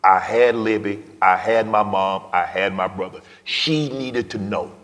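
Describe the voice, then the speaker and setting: A middle-aged man with a low, deep voice tells a personal story at an event, his delivery swinging from loud to near-whispered. His voice rings out with the long reverb of a big hall. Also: a little slow. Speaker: guest speaker.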